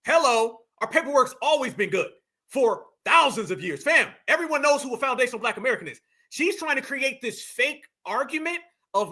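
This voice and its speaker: A man hosting a live stream, reacting to a clip with loud, mocking, dismissive commentary and lots of repetition. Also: very high voice, lively intonation, fairly quick. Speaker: livestream host.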